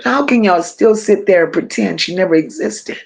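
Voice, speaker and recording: A woman hosting a live-stream true-crime commentary. She rants emphatically and confrontationally, leaning hard on her stressed words and pausing to thank viewers in the chat. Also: lowish voice, gravelly. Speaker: livestream commentary host.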